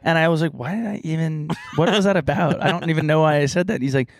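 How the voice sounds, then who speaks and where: Animated man chatting in a dry room. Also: quick pace, gravelly, no echo. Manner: animated storyteller, bursts into loud high impressions. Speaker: podcast co-host. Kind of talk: casual chat.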